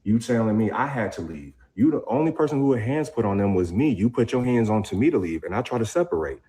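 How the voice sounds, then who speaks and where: A man with a deep voice playing a boyfriend in a comedy skit, firm and deliberate. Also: big pitch swings, dark tone.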